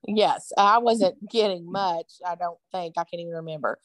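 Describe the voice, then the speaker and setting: A woman's voice: fairly low pitch, normal speed, dry recording. A tired, yawning woman, telling a story in casual chat with lots of fillers. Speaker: podcast co-host.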